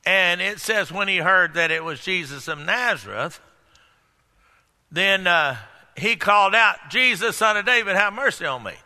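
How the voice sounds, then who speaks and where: A male pastor preaching a sermon to a congregation, calling out questions and breaking into sudden shouts. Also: sits high, expressive, normal speed. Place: church hall. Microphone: microphone. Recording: echoey hall.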